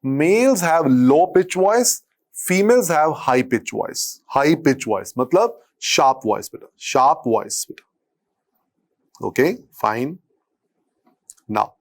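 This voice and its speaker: A male medical lecturer with an Indian accent and a husky, deep voice, dictating notes and repeating phrases as he teaches. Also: expressive, measured pace. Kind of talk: classroom lecture.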